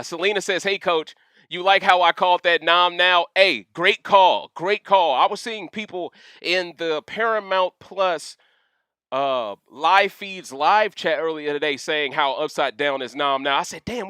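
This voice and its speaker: A young man hosting a casual livestream rant, reading chat questions aloud and talking in an animated, slangy way full of asides. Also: a little high, no echo, studio quality. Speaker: livestream host.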